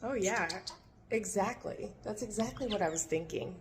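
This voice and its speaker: A woman's voice: mid-range voice, moderate pace, heavy background noise. A woman talking to her pet birds in cooing, affectionate baby talk. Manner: sing-song, affectionate. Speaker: pet bird owner. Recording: loud bird chirping behind.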